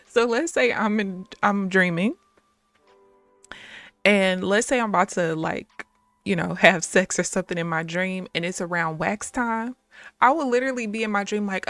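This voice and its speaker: A woman telling stories on a live stream, animated and blunt, laughing often and swearing freely. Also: medium pitch, dry recording. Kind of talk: casual storytelling on a live stream.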